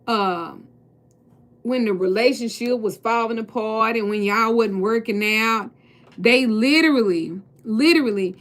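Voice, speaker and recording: A woman tarot reader and spiritual coach speaking casually and bluntly to her viewers, preaching and swearing freely. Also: a little high.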